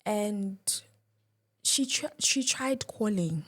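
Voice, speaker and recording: A young woman, a guest, telling a personal story with emotion, dropping to a hush at times and restarting her words. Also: medium pitch, expressive, very slow. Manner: shifts between loud and hushed, restarts.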